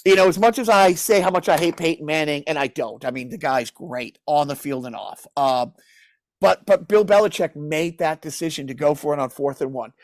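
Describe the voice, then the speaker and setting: A man's voice: fairly high pitch, moderate pace, no echo. A man hosting a podcast, telling a long, rambling story in casual chat and acting out other people's lines. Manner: rambling storyteller, many restarts; animated, acts out others' lines. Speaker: podcast host.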